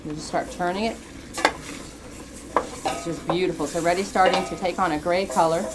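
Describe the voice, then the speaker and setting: A woman's voice: lowish voice, fairly even intonation, fairly quick, very noisy. A woman guest chef giving a chatty cooking demonstration in a TV studio kitchen, explaining each step as she goes.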